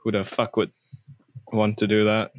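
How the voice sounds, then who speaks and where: A man's voice: on the low side, monotone, moderate pace, dry recording. Dry-voiced joking man in casual chat. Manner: joking, swears, restarts words.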